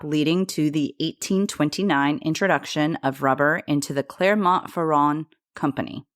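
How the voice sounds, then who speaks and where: A woman's voice: sits low, no room sound, clean studio sound. A woman co-hosting a podcast, telling a history story in a chatty way and correcting her own slips and pronunciations. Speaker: podcast co-host.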